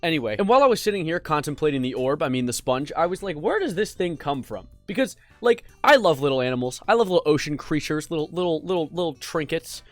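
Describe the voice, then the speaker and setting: A man's voice: on the high side, lively intonation, fast talker, hardly any pauses, dry recording, soft background music. A young man casually vlogging from home, goofy and rambling, with self-mocking asides. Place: home room with a cat. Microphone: desk mic.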